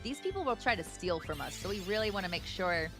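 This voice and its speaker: A woman's voice: medium pitch, expressive, quick pace, over music. A woman chatting casually with her livestream viewers while she plays, greeting them by name. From United States. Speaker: streamer. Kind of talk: casual gaming livestream chat.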